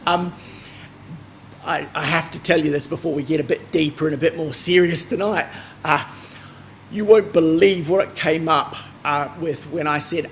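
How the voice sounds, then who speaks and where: A man giving a bible class talk in an emphatic, lively way, with asides and restarts. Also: on the high side, normal speed, slight background noise. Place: meeting hall.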